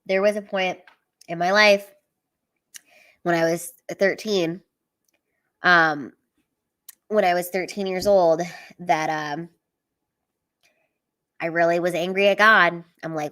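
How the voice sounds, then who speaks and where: A woman's voice: fairly low pitch, steady tone, takes it slowly, long pauses, fairly bright tone. A woman hosting a casual live stream, reading the chat aloud and giving a blunt, profane, earnest pep talk.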